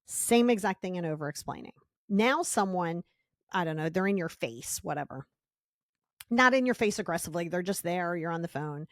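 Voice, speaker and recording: A woman's voice: on the low side, expressive, moderate pace, no echo, studio quality. A woman hosting a self-help podcast, talking emphatically, repeating key words for stress and acting out little scenes in quoted voices. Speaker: podcast host.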